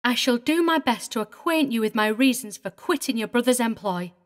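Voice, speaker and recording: A woman's voice: fairly high pitch, lively intonation, fairly quick, lightly acted. A woman voicing a prim, tearful older female governess who speaks with fussy, indignant precision. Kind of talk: audiobook character reading.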